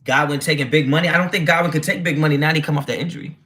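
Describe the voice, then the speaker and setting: A man's voice: fairly high pitch, steady tone, very fast, bright, forceful tone. A man hosting a casual football livestream, talking brashly and with a lot of swearing as he answers his chat. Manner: brash, profane, reads chat aloud. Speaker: livestream host.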